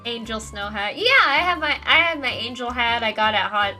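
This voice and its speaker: A woman's voice: a little high, expressive, normal speed, sharp tone, faint music behind. A young woman streamer chatting casually about a trip, rambling and laughing often. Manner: giggly, rambling, frequent laughter.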